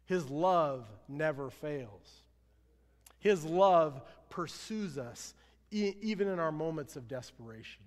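Man preaching, somewhat high voice, earnest, rises and falls, long hall reverb. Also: lively intonation, slow pace. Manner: earnest preaching, swelling louder then dropping low. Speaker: pastor. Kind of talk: sermon.

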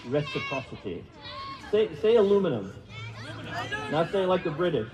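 His high voice swings widely in pitch as this pastor preaches fast, with a crowd audible behind him. He's chatty and self-deprecating, quizzing the room and asking people to repeat words. The hall echoes, and the recording is dull and lo-fi.

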